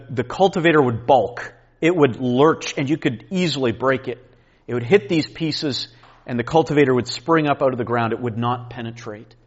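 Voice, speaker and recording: A pastor delivers an earnest, emphatic sermon to a men's retreat, repeating key points and restarting phrases as he teaches. His voice is medium-pitched, and the recording sounds muffled.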